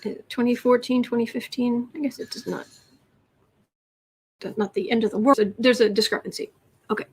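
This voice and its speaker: A woman's voice: a little high, steady tone, fairly quick, long pauses, slightly rough. A woman tarot reader chatting on a live stream, reading viewer questions aloud and cooing to her cat between them.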